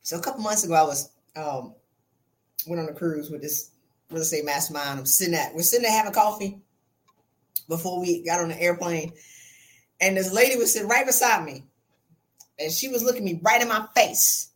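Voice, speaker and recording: A woman hosting a motivational podcast, talking blunt and colloquial, calling her listeners "sis" and swinging her voice high and low for emphasis. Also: fairly quick, pauses often. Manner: animated, sassy and blunt, with wide swings in pitch and loudness. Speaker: podcast host and life coach. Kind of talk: motivational monologue.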